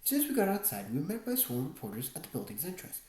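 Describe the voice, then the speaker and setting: A woman reading a first-person memoir as an audiobook narrator, expressive storytelling. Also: deep voice, very fast, echoey room, low-quality recording. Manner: expressive storytelling, wide swings in tone.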